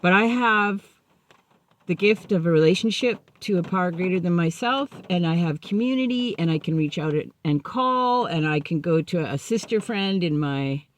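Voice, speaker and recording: A woman's voice: lowish voice, normal speed. A woman sharing a personal recovery story in a candid, self-mocking way, acting out remembered conversations. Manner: animated, acts out remembered dialogue.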